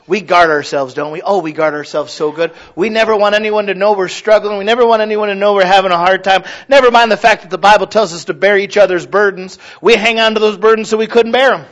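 During a church service, a pastor preaches to his congregation in a conversational way, sinking into hushed asides and climbing to loud exhortation while acting out prayers and remembered conversations. His voice sits high and sounds animated and fairly quick.

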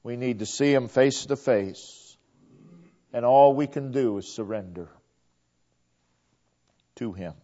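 A man preaching a sermon, dramatic and repetitive, swinging between loud emphasis and hushed near-whispers. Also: mid-range voice, slow, pauses often. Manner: repeats phrases for emphasis. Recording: dull lo-fi recording.

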